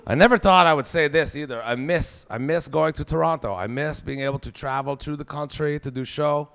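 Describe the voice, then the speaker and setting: A man's voice: fairly high pitch, fairly quick, creaky, fairly bright tone, smooth. A man in his forties with a Quebec French accent, doing a profane, exasperated stand-up rant. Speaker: stand-up comedian. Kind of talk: stand-up routine.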